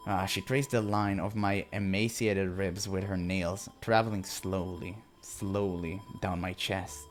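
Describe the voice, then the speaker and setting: A man's voice: deep voice, fairly even intonation, unhurried, faint music behind. Man reading a visual novel aloud. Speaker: let's-play narrator. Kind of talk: first-person narration of a visual novel.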